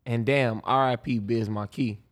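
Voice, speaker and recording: A man's voice: medium pitch, fairly even intonation, unhurried. A man in his thirties co-hosting a podcast, teasing his partner and laughing often in casual slang. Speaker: podcast co-host. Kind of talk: casual chat.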